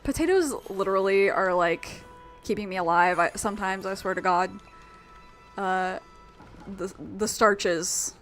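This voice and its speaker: A woman's voice: medium pitch, unhurried, fairly bright tone, soft background music. A young woman streaming a video game, chatting casually in a rambling, giggly way. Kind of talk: casual chat while playing a video game.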